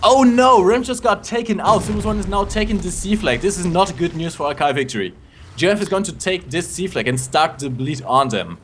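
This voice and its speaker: A man co-commentating a live esports tournament, giving animated play-by-play and analysis. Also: high-pitched, a little fast, slight background noise.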